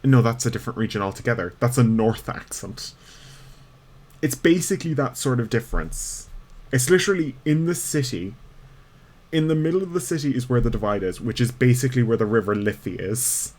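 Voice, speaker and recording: A man's voice: medium pitch, expressive, fairly quick, a little mellow. A man chatting casually and rambling while streaming a video game. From Ireland. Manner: rambling, chatty, frequent laughs. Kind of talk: casual gameplay commentary.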